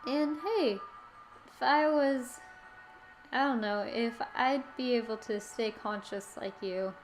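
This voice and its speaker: A woman's voice: fairly high pitch, slow, soft background music, rough recording. A woman reading the lines of a modest, encouraging young heroine from a game in a friendly way.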